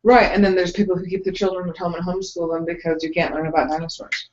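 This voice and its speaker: A woman's voice: lowish voice, little pitch movement, fast. A woman co-hosting a casual discussion podcast, chatty and tangential, jumping in with asides. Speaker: podcast co-host. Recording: echoey, dull lo-fi room sound.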